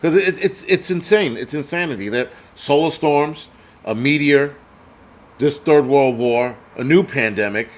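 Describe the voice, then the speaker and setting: A man's voice: fairly high pitch, lively intonation, measured pace. A man hosting a prepper show, ranting in crude, sarcastic live-stream commentary and reading out donor names. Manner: reads donor names aloud. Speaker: prepper channel host.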